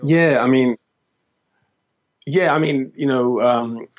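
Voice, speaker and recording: A man's voice: medium pitch, slow, lo-fi sound. A man who works as a holistic health practitioner, explaining his views as a guest in a podcast interview and often saying "you know".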